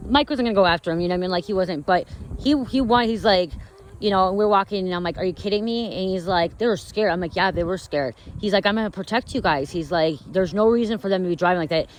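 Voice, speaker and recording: A woman's voice: fairly low pitch, fast, slight background noise, rough recording. Woman rambling while out on a walk. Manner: rambling, repetitive, stops to say okay and you guys. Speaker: vlogger. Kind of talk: casual vlog story. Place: outdoors walking on a neighborhood street.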